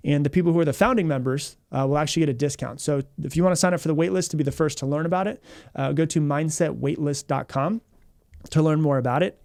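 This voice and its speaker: A man hosting a podcast as a mindset coach, telling a story in a fast, energetic way, often repeating himself and acting out what people said. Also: on the high side, vocal fry, dry recording, studio quality.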